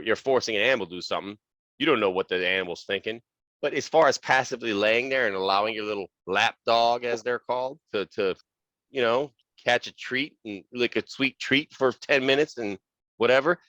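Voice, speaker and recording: A man's voice: mid-range voice, brisk, a bit bright, no room sound, highs cut off. A man co-hosting a comedy podcast, talking bluntly with lots of swearing and "bro" in casual banter. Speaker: podcast co-host.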